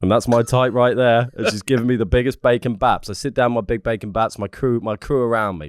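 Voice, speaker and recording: A young man, co-hosting a comedy podcast with crude, deadpan banter. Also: mid-range voice, fairly quick, hardly any pauses, no room sound, studio quality. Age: young adult. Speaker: podcast co-host. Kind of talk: casual comedic chat.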